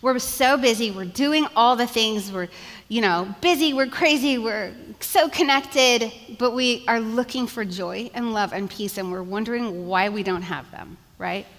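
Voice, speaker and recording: A woman, a pastor's wife, telling a funny story to a church audience in an animated, chatty way, full of "like" and "you guys.". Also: fairly high pitch, measured pace. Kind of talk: humorous storytelling talk to an audience. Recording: long hall reverb.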